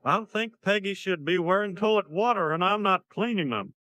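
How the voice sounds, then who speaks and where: A blunt small-town dad. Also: male voice, high voice, moderate pace, bright, forceful tone, no echo. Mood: plain. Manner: blunt, plain-spoken. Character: gruff middle-aged small-town dad. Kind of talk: synthetic parody cartoon voice.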